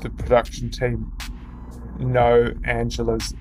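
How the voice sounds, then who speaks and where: A man co-hosting a podcast, chatting casually, reacting quickly and jumping in with his opinions, often restarting mid-sentence. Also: mid-range voice, completely flat delivery, a little mellow, slight background noise. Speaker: podcast co-host. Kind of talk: casual chat.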